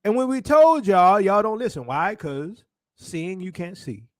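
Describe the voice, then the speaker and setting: Fervent, high-pitched preaching man. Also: very animated, unhurried, no echo, studio quality. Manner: fervent, rising to shouted exclamations; calls out to the congregation. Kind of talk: sermon.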